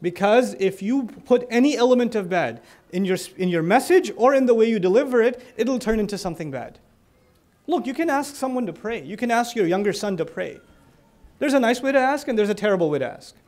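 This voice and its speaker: A man's voice: high voice, lively intonation, fairly quick, a little mellow. A man giving a conversational religious lecture, explaining verses with joking asides and acted-out little dialogues. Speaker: Islamic speaker.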